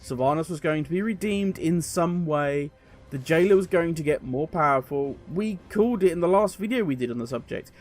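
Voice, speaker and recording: A man giving opinionated video commentary as a gaming commentator, animated and sarcastic. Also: fairly high pitch, a little fast.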